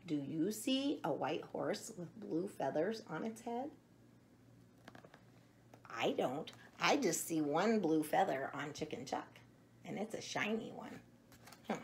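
A woman teacher reading a picture book aloud to children, gently asking them questions along the way. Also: low-pitched, animated, unhurried, long pauses, a little hiss or hum. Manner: gentle, asks the listener questions.

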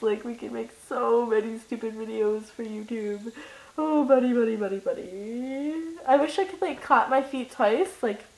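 A young woman rambling to her camera in a silly, giddy, sing-song way, breaking into laughter. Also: high-pitched. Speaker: vlogger. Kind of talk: rambling casual vlog. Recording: echoey room.

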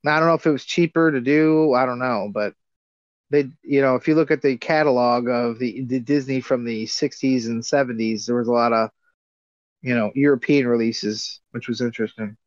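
A man in loose podcast chat, drifting from thought to thought and swearing now and then. The sound is a little dull and dry, and his voice sits at a middle pitch. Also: moderate pace, dry recording. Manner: rambling, loose and profane. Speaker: podcast co-host. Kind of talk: casual chat.

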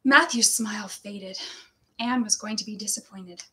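A woman reading stories aloud to children in a cheerful, animated and expressive way. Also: mid-range voice, moderate pace. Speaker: storyteller for children. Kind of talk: children's read-aloud storytime.

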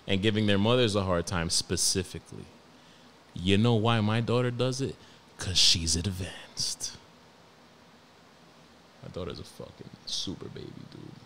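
Profane, animated New York man. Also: on the low side, a little hiss or hum. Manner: profane, animated, slangy storytelling. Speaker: podcast host. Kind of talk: casual storytelling monologue.

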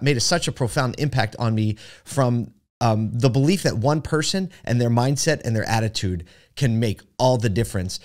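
A man hosting a podcast, telling a story in a chatty way with many fillers and asides. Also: mid-range voice. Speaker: podcast host. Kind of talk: casual storytelling monologue.

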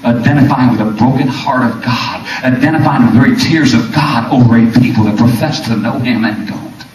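Man, impassioned sermon, shouting then hushed, very echoey, distant mic. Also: mid-range voice, brisk. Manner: impassioned, swings from shouting to hushed, repeats words. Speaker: preacher. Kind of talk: fiery sermon. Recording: very echoey room, mic far off.

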